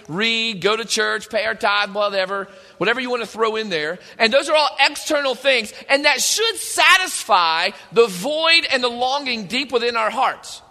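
A man preaching a sermon as pastor, animated and rhetorical, talking straight to his congregation. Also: very high voice, creaky. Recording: long hall reverb.

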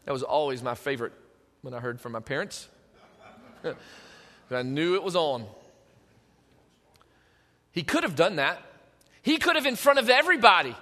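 A man preaching a sermon in a conversational way, moving between hushed and emphatic, in a church hall with long reverb. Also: a little high, big pitch swings, normal speed, pauses often.

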